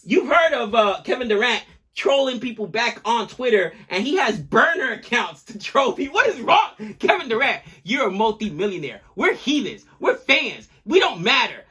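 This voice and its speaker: A young adult man co-hosting a casual reaction chat, excitable and joking, swinging from loud outbursts to quiet asides. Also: very high voice, moderate pace, husky. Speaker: co-host of a reaction channel.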